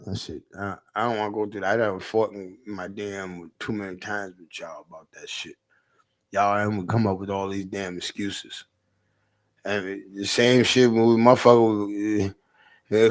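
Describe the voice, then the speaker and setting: A man hosting a livestream, ranting in a casual, animated way, repeating himself and mimicking callers. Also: lowish voice, normal speed. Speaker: livestream host.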